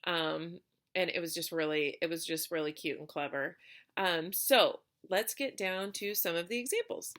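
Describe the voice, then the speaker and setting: A woman's voice: fairly low pitch, moderate pace, fairly bright tone. A young woman teacher giving a recorded remote lesson, talking casually with many ums and likes.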